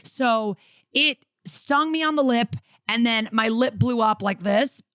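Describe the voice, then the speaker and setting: A woman's voice: a little high, a little slow, a bit bright, dry recording, clean studio sound. A woman from Connecticut co-hosting a podcast remotely, telling rambling personal stories with lots of "like". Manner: chatty storyteller, lots of "like". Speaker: podcast co-host. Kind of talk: casual chat. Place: at home in Vermont, remote.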